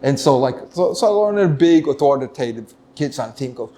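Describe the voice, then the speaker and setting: A middle-aged man, a retired police lieutenant telling stories in an interview, animated and full of restarts. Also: mid-range voice, brisk. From United States. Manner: animated storytelling, many restarts, acts out quoted voices. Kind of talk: casual interview talk.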